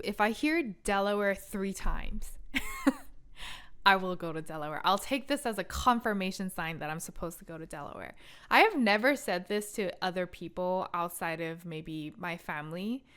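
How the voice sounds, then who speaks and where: A woman in her thirties from Korea, telling a personal story to camera in a candid, animated way with frequent laughs. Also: mid-range voice, smooth. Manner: animated, candid, laughs often, self-deprecating asides. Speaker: vlogger.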